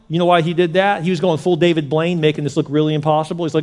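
A man preaching a sermon as pastor, talking conversationally and repeating words as he goes from quiet asides to animated retellings. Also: fairly high pitch, rapid-fire, hardly any pauses.

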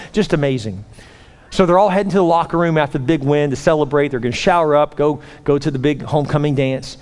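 Animated man preaching in an echoey hall. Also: a little high. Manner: animated, repeating words in bursts. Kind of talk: sermon storytelling. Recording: long echoey hall reverb.

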